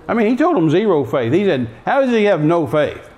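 A man's voice: a little high, lively intonation, fairly quick, a little mellow. A man preaching a sermon, emphatic and repetitive, acting out the voices in the story. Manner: emphatic, repeating key phrases; acts out the story's speakers.

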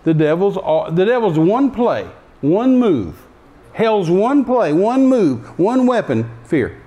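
A man's voice: high voice, big pitch swings, slow, mellow, highs cut off. A man preaching a sermon, emphatic and repetitive, acting out the voices in the story. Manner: emphatic, repeating key phrases; acts out the story's speakers.

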